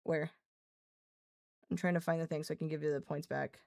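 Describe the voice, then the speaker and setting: A woman's voice: low-pitched, fairly even intonation, a little fast, creaky, a little mellow, no echo. A young woman streaming live, chatting casually, laughing often, swearing freely and scolding her cat mid-sentence.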